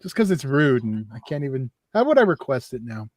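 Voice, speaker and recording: A man's voice: medium pitch, sing-song, fairly quick, darkish tone. A man co-hosting a casual podcast about the awards season, blunt and profane, keeping the others on track. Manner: blunt, profane, bossy about running the show. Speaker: podcast co-host. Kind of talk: casual chat.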